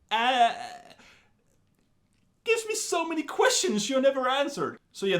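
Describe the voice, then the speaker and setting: A man giving a casual film review in an animated, wry way, full of chatty asides. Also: a little high.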